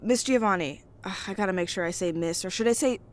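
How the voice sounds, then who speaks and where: A woman's voice: medium pitch, quick pace, a little hiss or hum, lightly acted. An actress playing a nervous young woman who rambles self-consciously while interviewing her elders in an audio drama. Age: young adult.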